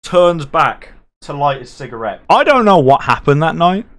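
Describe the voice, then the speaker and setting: A young man telling a night-out story casually, animated, swearing and poking fun at himself. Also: fairly high pitch, normal speed. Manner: animated, swearing, self-mocking.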